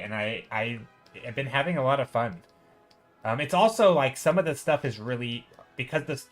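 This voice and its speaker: A man's voice: mid-range voice, a bit bright. A man live-streaming while painting digitally, chatting casually and thinking aloud as he greets viewers in chat.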